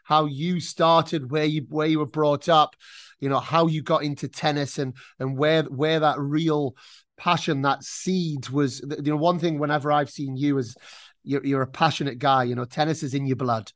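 A man's voice: on the high side, steady tone, normal speed, fairly bright tone, dry recording, clean studio sound. A man hosting a podcast interview, asking loose questions and often repeating words as he goes. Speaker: podcast host. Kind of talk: casual interview talk.

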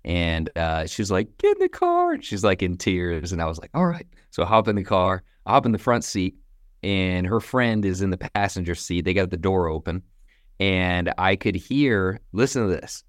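A young man with a very deep, low voice tells stories in a relaxed, chatty way. He sprinkles in casual slang and laughs easily between points. The sound is dry and close, with no room around it. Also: moderate pace, no room sound. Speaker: guest, company founder. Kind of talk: casual storytelling interview.

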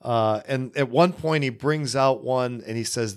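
Slow, musing man hosting a podcast. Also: mid-range voice, clear, resonant tone. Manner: unhurried, musing, many pauses. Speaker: podcast host. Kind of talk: casual solo film commentary.

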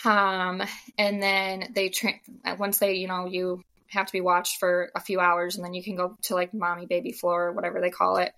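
Young woman chatting on a podcast, bright voice, lots of "like", acts out what people said. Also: on the low side, normal speed, hardly any pauses. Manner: animated, acts out quoted dialogue, frequent "like". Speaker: podcast guest. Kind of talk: casual storytelling.

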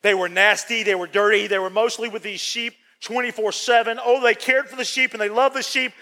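High bright-voiced man preaching in a church. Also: fairly even intonation, a little fast. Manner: emphatic, repeats phrases, swings between loud and hushed. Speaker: pastor. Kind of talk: sermon. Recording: long church reverb.

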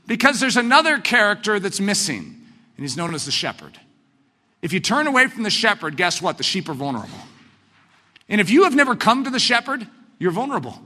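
A man preaching a sermon in an animated way, swinging from shouts to hushed tones. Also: sits high, brisk, long reverb tail.

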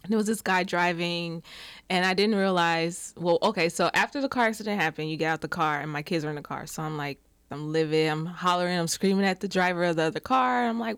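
A middle-aged woman talking on a casual panel, her voice a touch low. She tells stories animatedly and bursts into loud quoted lines. The sound is dry and close. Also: a little fast, clean tone, dry recording. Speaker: panel guest.

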